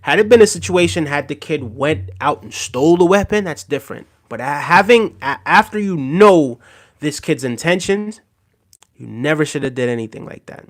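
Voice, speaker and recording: Expressive and at normal speed, a man with a fairly high voice hosts a casual livestream. He reads viewer comments off the cuff, leaning on fillers, repeated phrases and regular checks of "right?".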